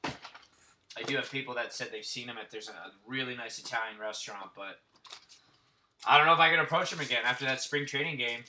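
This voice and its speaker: A man's voice: mid-range voice, a little fast, background noise. A man around forty hosting a card break, casually naming baseball cards and telling rambling, profane stories. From Central Florida. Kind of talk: casual card-opening chat.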